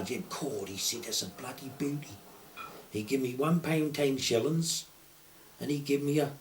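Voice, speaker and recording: A man's voice: medium pitch, a little hiss or hum. An older man with a broad Suffolk accent, telling anecdotes and acting out the voices of the people in them. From Suffolk, England. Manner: broad rural dialect, acts out quoted dialogue. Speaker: retired poacher. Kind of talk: anecdotal storytelling.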